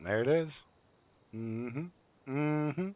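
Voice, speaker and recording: A man's voice: medium pitch, drawn-out words, a little mellow. A man streaming a game, chatting and teasing his viewers in a joking, casual way.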